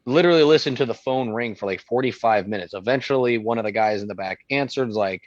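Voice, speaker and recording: A man's voice: mid-range voice, fast, hardly any pauses, dry recording, highs cut off. A man co-hosting a podcast in casual chat, telling stories in a rambling way with many fillers. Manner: rambling, filler-heavy storytelling. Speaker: podcast co-host.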